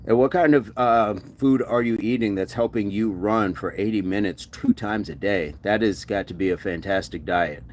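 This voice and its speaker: A man's voice: lowish voice, normal speed, few pauses, a little mellow, a little hiss or hum. A man hosting a casual live stream, upbeat and laughing often as he reads out viewer comments. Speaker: fitness streamer.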